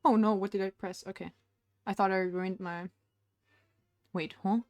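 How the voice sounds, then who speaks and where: A woman's voice: medium pitch, fairly even intonation, moderate pace, darkish tone, no echo. A young woman streaming live from home, chatting casually and rambling while she paints, with frequent laughs.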